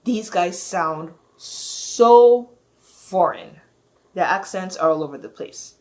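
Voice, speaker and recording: Woman venting on her vlog, kinda low voice, rambly, says like a lot, clearly fed up. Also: animated, slow pace, darkish tone. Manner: exasperated, rambling, heavy use of "like". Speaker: vlogger. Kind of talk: casual rant to camera.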